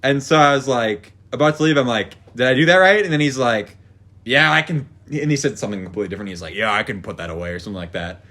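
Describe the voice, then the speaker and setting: A man's voice: lowish voice, steady tone, very fast, a bit bright. A young man co-hosting a podcast, rambling through a story in casual chat, swearing and acting out what people said. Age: young adult. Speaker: podcast co-host.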